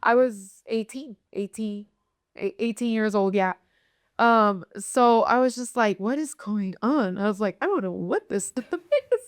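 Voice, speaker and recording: A young woman from Nebraska, appearing as a podcast guest, tells her own story candidly and imitates the voices of the people she quotes, using lots of fillers. Her voice is fairly high, animated and unhurried, captured in studio quality with no echo.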